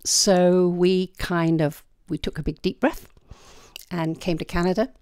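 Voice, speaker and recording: Older british lady guest, retired doctor, chatty candid stories, low voice. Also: steady tone, measured pace, a little mellow, clear, resonant tone, dry recording. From United Kingdom. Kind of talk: casual interview chat.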